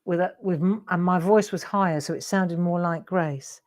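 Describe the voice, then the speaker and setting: Drawing live for an audience, a middle-aged woman who works as a craft demonstrator and host talks casually, wandering off topic and interrupting herself. Her voice is on the low side and a little mellow, moving at normal speed.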